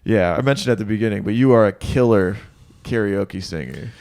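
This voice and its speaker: A man's voice: lowish voice, a little fast, gravelly, a little mellow. A young man hosting a podcast, chatting in a laid-back way and often saying "dude" and "yeah". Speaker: podcast host. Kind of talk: casual interview chat.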